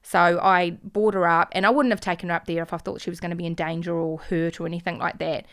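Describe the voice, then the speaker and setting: A woman, a mother, giving an earnest, emotional eyewitness account that often drops quiet. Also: lowish voice, level tone, fast, clean tone. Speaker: mother recounting a protest.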